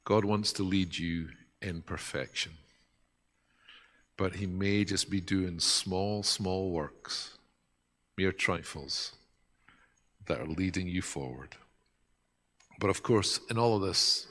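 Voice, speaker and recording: A man preaching a sermon in an earnest, reflective way, often dropping to a soft hush. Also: low voice, slow pace, long pauses. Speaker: pastor.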